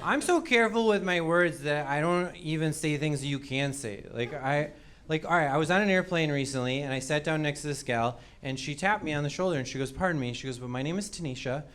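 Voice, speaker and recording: Onstage before a live crowd, a comedian in his forties delivers a sheepish, self-deprecating set full of acted-out quotes. He speaks fairly quickly in a clear, resonant voice on the high side, amid audience laughter and loud background noise.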